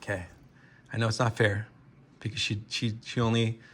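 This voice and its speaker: A man's voice: on the low side, little pitch movement, normal speed, a bit bright. An American man rambling through a casual vlog, joking and interrupting himself often. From United States. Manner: rambling, self-interrupting, jokey. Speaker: vlogger.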